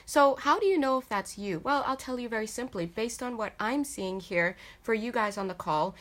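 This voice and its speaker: A woman's voice: a little high, moderate pace, fairly bright tone. A woman giving a casual tarot reading to her viewers, chatty and talking straight to them. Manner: chatty, laughs often, addresses viewers as guys. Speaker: tarot reader.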